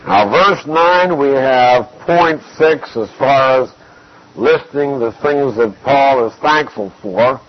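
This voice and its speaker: A man giving an expository Bible teaching, measured and emphatic, repeating key phrases to drive points home. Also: mid-range voice, lo-fi sound.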